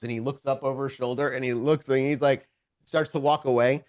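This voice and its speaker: A man's voice: mid-range voice, fairly quick, no room sound. Man, casual game master narrator, dry close mic. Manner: relaxed, rambling narration.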